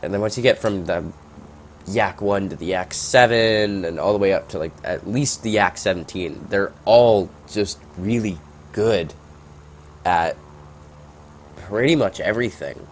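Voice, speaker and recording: A man giving casual, rambling gameplay commentary, reacting out loud and swearing at surprises. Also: sits low, a little slow, a little hiss or hum.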